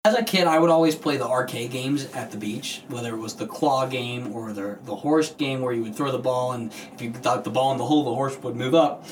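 A man's voice: medium pitch, fairly quick, hardly any pauses, slight background noise. A young man hosting a casual podcast, chatty and jokey, retelling odd news stories, heard from a distant mic. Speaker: podcast host.

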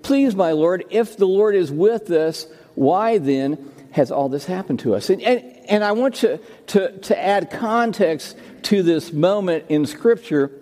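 A man's voice: sits high, animated, measured pace, dark tone, long reverb tail. A man who is senior pastor, preaching a sermon and telling stories, often repeating his words and restarting phrases. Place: church sanctuary.

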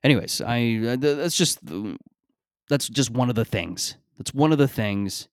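A man hosting a podcast, telling stories in a rambling, profane, animated way, often stammering and restarting his sentences. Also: mid-range voice, moderate pace, no echo, clean studio sound. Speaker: podcast host. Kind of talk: casual comedic monologue.

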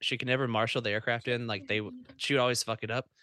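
A man's voice: medium pitch, steady tone, fast talker, bright, forceful tone, dry recording. Man telling a rambling crude story. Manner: rambling, laughing, crude anecdotes. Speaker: podcast co-host. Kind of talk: casual storytelling.

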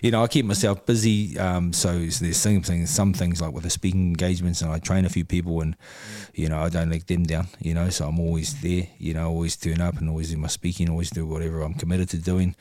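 Deep-voiced New Zealand man, candid. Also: level tone, fast, hardly any pauses, dark tone, no room sound, studio quality. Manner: reflective and candid, trailing off with many fillers. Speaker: guest, former boxer. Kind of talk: casual podcast conversation.

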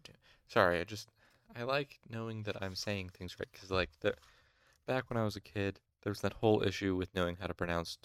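A man's voice: fairly low pitch, a little fast, clear, resonant tone, dry recording. A man reading a fantasy novel aloud, stopping for chatty asides about how to say names. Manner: chatty asides, fixing pronunciations. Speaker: audiobook reader. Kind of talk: casual fan audiobook reading.

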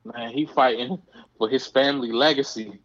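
A man's voice: medium pitch, steady tone, moderate pace, fairly bright tone, no room sound, muffled recording. A man co-hosting a casual sports chat, emphatic and slangy, often repeating himself for effect. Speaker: sports podcast co-host.

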